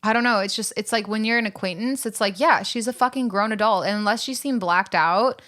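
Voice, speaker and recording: A woman's voice: medium pitch, brisk, a bit bright. Young woman co-host, laid-back, swears a bunch, lots of "like". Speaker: guest co-host. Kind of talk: casual chat.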